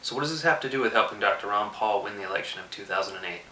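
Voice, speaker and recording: A man's voice: on the low side, sharp tone, recorded from a distance, a little hiss or hum. Earnest young man in an echoey room. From Austin, Texas. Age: 20s. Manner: measured, persuasive, emphatic. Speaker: political commentator. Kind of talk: earnest scripted video address.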